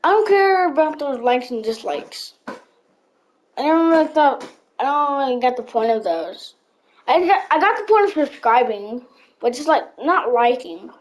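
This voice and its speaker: High-voiced woman rambling over gameplay. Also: lively intonation, moderate pace, low-quality recording. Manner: rambling, repeats herself while building. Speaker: gaming video creator. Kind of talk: casual gameplay commentary. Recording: clear background music.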